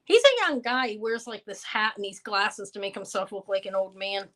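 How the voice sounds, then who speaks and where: A woman's voice: medium pitch, expressive, normal speed, pushed and bright. A woman in her fifties hosting a live jewelry sale, chatting casually and rambling between items while thanking and answering viewers. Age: 50s. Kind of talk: casual live-stream sales chat.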